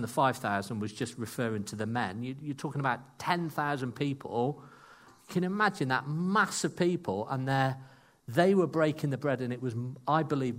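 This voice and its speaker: Animated man preaching a sermon. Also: mid-range voice. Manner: animated storytelling, self-deprecating asides.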